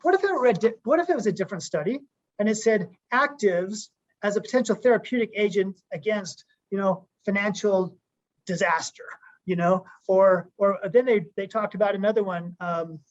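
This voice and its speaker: A man's voice: sits high, normal speed. A man, a company co-founder, giving an upbeat conference call pep talk, rambling with frequent restarts. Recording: muffled lo-fi call audio.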